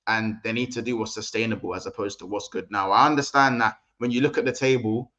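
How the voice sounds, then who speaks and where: A man's voice: fairly low pitch, fairly even intonation, fast talker, sharp tone. A man hosting a casual football livestream, chatty and slangy, talking straight to his viewers. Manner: chatty, slangy, addresses the chat directly. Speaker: livestream host.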